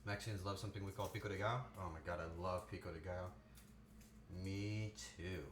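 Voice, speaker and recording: A man's voice: low-pitched, fairly even intonation, brisk. A man cooking on a live stream, chatting playfully and answering his chat as he goes. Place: home kitchen. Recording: roomy kitchen with faint noise.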